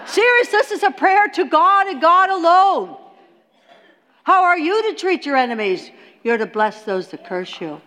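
A woman teaching a sermon on prayer, animated and asking her listeners questions. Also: very high-pitched, unhurried. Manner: animated, talks to the audience with questions. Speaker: Bible teacher. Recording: long hall reverb.

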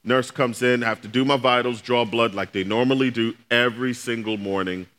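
Pastor guy preaching, chatty storytelling, bright forward voice, talks right to the crowd. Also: mid-range voice, steady tone, normal speed. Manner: storytelling, conversational, addresses the congregation directly. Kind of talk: sermon.

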